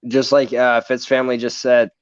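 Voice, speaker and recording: A man hosting a live reptile stream in relaxed, casual chat who says dude a lot. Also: mid-range voice, moderate pace, clean tone, no room sound. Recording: dull, dry lo-fi stream audio.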